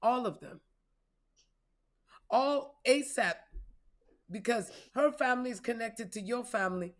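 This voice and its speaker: A woman's voice: fairly high pitch, lively intonation, a little slow. A woman giving a casual spiritual reading, profane, playful and preachy. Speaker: spiritual reader.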